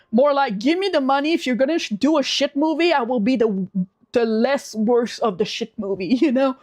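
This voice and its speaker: A young woman hosting a livestream, chatting casually in animated, swearing rants full of restarts. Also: on the high side. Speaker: livestream host.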